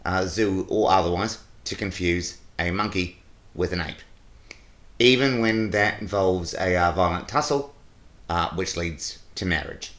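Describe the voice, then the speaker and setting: A man's voice: deep voice, fairly bright tone. A man voicing a bumbling presenter who stumbles through a disclaimer with constant "uh"s. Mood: awkward. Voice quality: halting, full of "uh"s, awkward.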